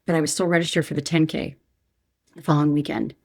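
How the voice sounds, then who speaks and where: A woman's voice: sits low, fairly even intonation, fast, creaky, a little mellow, no echo, studio quality. A woman in her thirties, a podcast guest, telling a painful personal story candidly, frank and emotional with many restarts.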